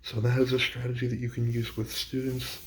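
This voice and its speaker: A man's voice: medium pitch, completely flat delivery, brisk. A man explaining a classroom teaching strategy in a plain, practical way. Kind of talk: instructional explainer.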